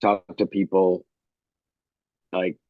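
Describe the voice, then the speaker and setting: A man's voice: deep voice, flat delivery, slow pace, dry recording. A male comedian guest talking in a rambling, loose way over a video call, with many "like" fillers. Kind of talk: casual conversational interview. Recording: dry, dull lo-fi video-call audio.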